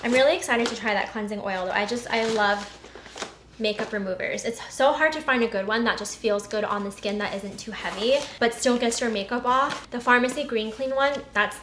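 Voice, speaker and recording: A woman's voice: a little high, a little fast, fairly bright tone. A young woman in her twenties chatting casually while unboxing beauty products, gushing and giggling as she goes. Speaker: beauty vlogger. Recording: echoey room with noticeable noise.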